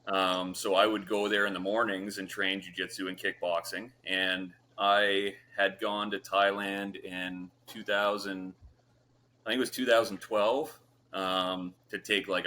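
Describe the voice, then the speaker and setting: A man's voice: low voice, bright, forceful tone, a little hiss or hum. A man from Canada, a guest on a podcast, telling stories casually with lots of swearing and fillers. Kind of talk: casual storytelling.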